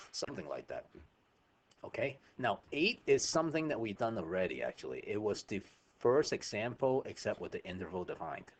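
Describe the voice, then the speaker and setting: A man's voice: on the low side, very animated, moderate pace. A man teaching a math lesson over a screen recording, chatty and informal, often checking in with "right?".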